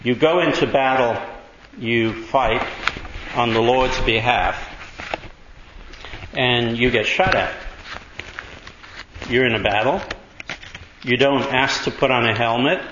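Pastor preaching in a very echoey hall. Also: male voice, medium pitch, muffled recording, background noise. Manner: conversational storytelling, drawn-out emphasis, frequent ums. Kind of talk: sermon.

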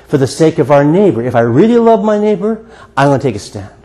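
Older guy preaching a sermon, slightly higher voice, earnest and chatty, asks lots of questions. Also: sing-song, fast, mellow, poor audio. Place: church sanctuary before a congregation.

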